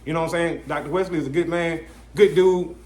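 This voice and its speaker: Speaking at a quick pace in a fairly high voice, this young man hosts a podcast and tells a story, animatedly playing its characters and quoting them. "You know what I'm saying" comes up often, and the recording sounds roomy.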